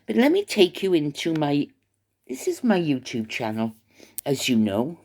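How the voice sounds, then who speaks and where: Older woman YouTuber, gossipy rambling talk to camera, voice sits a touch low. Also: wildly swooping pitch, unhurried, mellow. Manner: rambling, gossipy, hesitant with fillers. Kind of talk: casual chat to camera. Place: retirement home, indoors.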